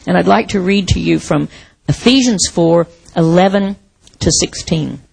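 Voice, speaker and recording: Gravelly-voiced woman preaching. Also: lowish voice, normal speed, a little mellow, poor audio. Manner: reflective, conversational preaching with rhetorical questions. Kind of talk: sermon.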